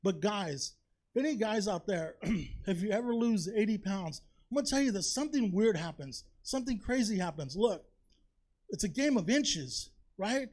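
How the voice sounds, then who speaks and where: A man's voice: sits high, lively intonation, normal speed, darkish tone. A man doing a chatty, confessional stand-up set on a comedy theater stage, tossing in "you know?" and "right?" all the time.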